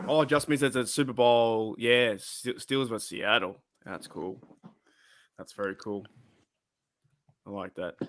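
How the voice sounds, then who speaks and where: An easygoing man with a mid-range voice hosts a fan live stream, reading viewers' chat comments aloud. His talk is relaxed and offhand. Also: mid-range voice, a little slow, long pauses. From Australia.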